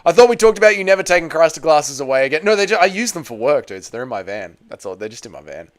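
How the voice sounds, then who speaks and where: A man's voice: on the high side, big pitch swings, rapid-fire. A man hosting a casual livestream, reading out chat messages and answering with crude, teasing banter. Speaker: livestream host.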